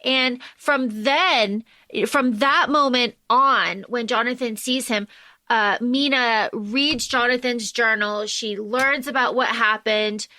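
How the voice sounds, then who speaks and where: A woman's voice: a little high, slow, no echo. A woman hosting a podcast, eagerly retelling a story in casual chat, full of fillers and restarts. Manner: animated plot retelling with many fillers. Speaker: podcast host.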